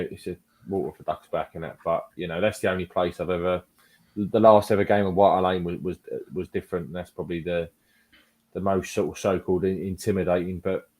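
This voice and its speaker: A man's voice: deep voice, darkish tone. A man guest on a casual podcast chat, talking in an easygoing, rambling way and often using filler phrases. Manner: easygoing, rambling, peppered with "to be fair" and "you know".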